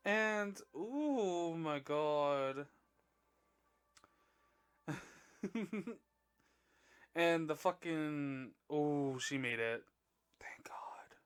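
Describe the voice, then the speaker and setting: Young man, podcast host, smooth clear voice, dry close sound, swears a lot, excitable. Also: a little high, no room sound. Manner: profane, excitable, laughing often. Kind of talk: casual movie review chat. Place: dark bedroom at home.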